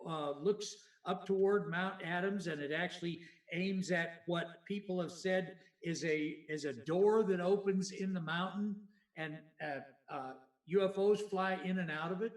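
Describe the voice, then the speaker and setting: A man's voice: sits high, unhurried. A man co-hosting a casual podcast, musing and rambling with stammered repeats. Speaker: podcast co-host. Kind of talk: casual chat. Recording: echoey room, far from the mic.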